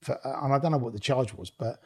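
Fast and slightly rough, his voice sits in the mid-range. As a guest in a relaxed storytelling interview, this ex-rave promoter swears freely, tells things bluntly, and keeps laughing.

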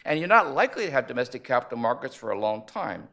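A man speaking at a conference panel, measured and analytical, posing rhetorical questions as he lays out his argument. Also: mid-range voice, big pitch swings, pushed and bright. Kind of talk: conference presentation.

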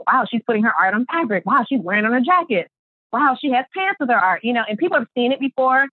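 Woman telling her story in an interview, acts out the quotes, dry tinny phone-line sound. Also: no echo. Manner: lively, acts out quotes with big pitch jumps, many fillers. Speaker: artist and business founder, interview guest.

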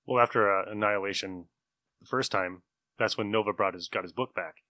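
A man on a podcast adding calm, matter-of-fact remarks in casual chat. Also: lowish voice, fairly quick, no echo.

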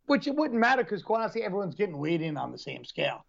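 Man, podcast co-host, rambling storyteller, gravelly, dull lo-fi audio. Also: sits high, sing-song, fast talker. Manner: rambling storyteller, laughs often. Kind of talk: casual chat.

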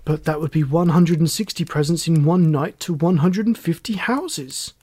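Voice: mid-range voice, normal speed, dark tone, slightly rough, dry recording, close to an everyday voice. A storyteller voicing an earnest boy hero who asks questions, in a storybook read-aloud, close to the reader's own voice.

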